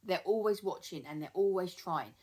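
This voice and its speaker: A woman's voice: lowish voice, expressive, moderate pace, mellow. A woman who trains dogs, giving casual advice to camera, chatty with many ums and repeated words. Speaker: dog trainer.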